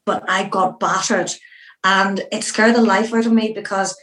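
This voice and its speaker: A middle-aged woman from Northern Ireland with a Northern Irish accent, telling stories as an interview guest in a lively way, with many fillers. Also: medium pitch, reverberant, poor audio. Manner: lively storyteller who acts out her own past remarks, with many fillers. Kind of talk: anecdotal interview storytelling.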